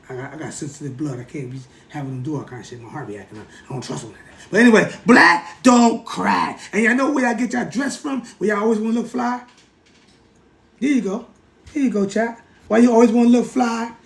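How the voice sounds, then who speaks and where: A man hosting a livestream, lecturing in a casual, animated way, repeating himself and talking straight to his chat. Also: high voice, echoey room. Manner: animated, repetitive, keeps addressing the chat. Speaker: livestream host.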